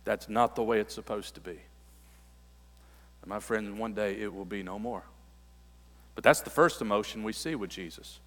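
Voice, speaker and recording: A man preaching a sermon, reading scripture aloud and then explaining it, building to emphatic, forceful peaks. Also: lowish voice, normal speed, pauses often, long reverb tail. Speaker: pastor.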